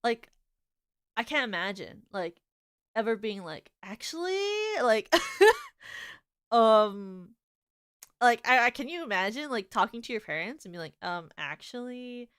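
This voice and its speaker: A woman's voice: mid-range voice, measured pace, long pauses, smooth, dry recording, clean studio sound. A young woman streamer chatting casually, rambling with many filler words and restarts, and laughing as she tells stories. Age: young adult. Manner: animated, giggly storytelling. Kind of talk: casual chat.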